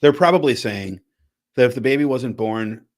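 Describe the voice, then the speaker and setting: A man hosting a podcast in casual chat, rambling and restarting his phrases as he thinks out loud. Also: mid-range voice, moderate pace. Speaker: podcast host.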